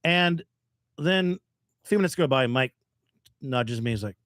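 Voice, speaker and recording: A man's voice: a little slow, no room sound, studio quality. A man co-hosting a podcast in casual chat, telling a bar story and acting out the quotes with big jumps in voice. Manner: animated, acts out quotes with big jumps up in pitch. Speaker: podcast co-host.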